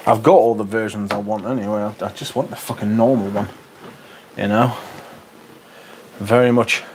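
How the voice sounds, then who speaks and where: A man's voice: on the low side, steady tone, normal speed, slight background noise. Northern English man chatting on a livestream. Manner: chatty, reading out viewer comments with dry banter. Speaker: livestream host. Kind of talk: casual livestream chat.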